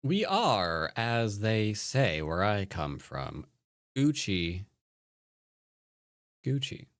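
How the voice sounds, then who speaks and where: This Go streamer's voice is fairly low with huge pitch swings, slow, a bit bright and clean, recorded dry. As he plays and teaches, he comments casually, rambles, jokes to himself with wry asides, and often slips into muttering.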